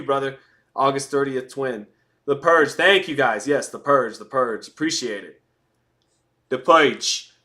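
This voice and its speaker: A livestream host with a mid-range, slightly bright voice runs a live fight watch party. He chats casually, responds to viewer chat, and cracks blunt, profane jokes.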